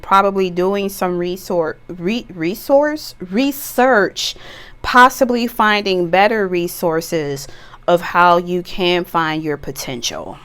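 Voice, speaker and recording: A woman's voice: on the low side, fairly bright tone, smooth. A woman giving a casual pick-a-card tarot reading, chatty and playful, with bawdy jokes and bursts of laughter. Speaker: tarot reader.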